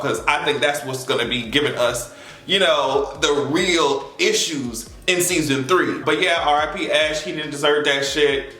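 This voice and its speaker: Bright-voiced man recapping in an echoey room. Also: fairly high pitch. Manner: animated, profane storytelling with acted reactions. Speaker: TV recap vlogger. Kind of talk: casual episode recap. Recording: echoey room with faint music.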